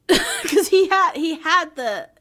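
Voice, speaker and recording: Podcast co-host, female, chatty storyteller who laughs easily and slips into a calm, reassuring tone when quoting herself. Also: very high-pitched, very slow. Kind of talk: casual chat, storytelling.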